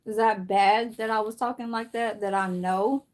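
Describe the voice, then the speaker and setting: A woman's voice: medium pitch, fairly even intonation, moderate pace, darkish tone. A middle-aged woman from San Francisco chatting on a live stream, rambling through a story and swearing freely. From San Francisco, USA. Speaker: livestream host. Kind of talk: casual livestream chat.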